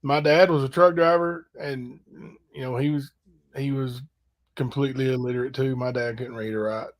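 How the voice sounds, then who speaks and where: A man's voice: mid-range voice, steady tone, moderate pace. Blunt plain-spoken male streamer. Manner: plain, blunt, short replies. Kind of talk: casual late-night chat.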